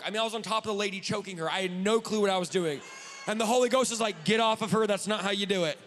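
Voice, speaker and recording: A man preaching a sermon from the pulpit in a church, fervent and often shouting. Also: very high voice, a little hiss or hum. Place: church sanctuary. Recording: long hall reverb.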